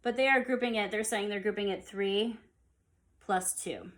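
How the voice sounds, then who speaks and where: A woman teaching an online music theory lesson, counting beats aloud and explaining in a relaxed, conversational way. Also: mid-range voice, moderate pace. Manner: relaxed and conversational, with fillers and restarts.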